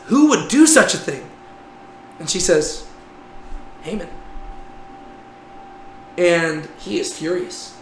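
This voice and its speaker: A man teaching a Bible class in a conversational way, often checking in with "right?". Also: sits high. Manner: conversational, frequent "right?" tags. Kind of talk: casual Bible class lecture. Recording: echoey room with faint noise.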